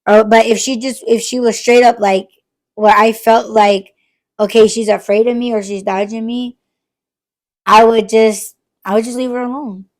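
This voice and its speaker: On the high side and at a moderate pace, this woman's voice carries a late-night podcast she hosts. The chat is loose and peppered with swearing, and she animatedly voices the other party in the exchanges she describes.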